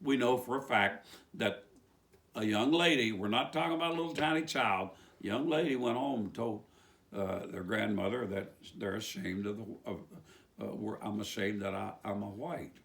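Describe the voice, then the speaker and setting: A man's voice: lowish voice, normal speed, a bit bright. A man from West Virginia with a West Virginia accent, preaching an informal sermon in a rambling way full of rhetorical questions.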